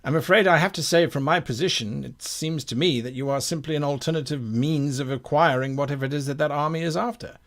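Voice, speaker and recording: A man's voice: on the high side, fast talker, hardly any pauses, natural voice. A man voicing a dutiful male guard captain who speaks in formal, unbending sentences. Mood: stern, formal.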